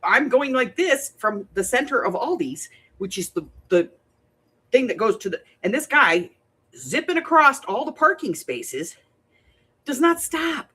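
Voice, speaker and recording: A middle-aged woman hosts a crafting livestream, chatting casually to live viewers, greeting them by name, telling animated stories and laughing often. Her voice is fairly high, unhurried, with a breathy edge.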